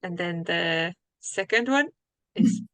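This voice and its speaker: Slow, gravelly woman student. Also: lowish voice, lively intonation, a bit bright, dry recording. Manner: slow, careful, tentative. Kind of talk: casual online language lesson.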